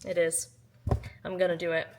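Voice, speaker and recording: A woman vlogging casually about books at home, chatty and animated, swinging between loud exclamations and quiet asides. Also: fairly low pitch, normal speed, slight background noise. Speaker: book vlogger. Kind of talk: casual vlog chat. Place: at home, in her kitchen.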